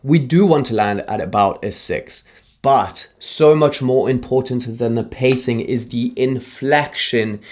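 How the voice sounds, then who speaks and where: A man's voice: mid-range voice, measured pace. Laid-back man coaching to camera. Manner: relaxed and chatty, shifts speed and emphasis to make a point. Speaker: YouTube creator teaching on-camera presenting. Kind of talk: casual to-camera tutorial.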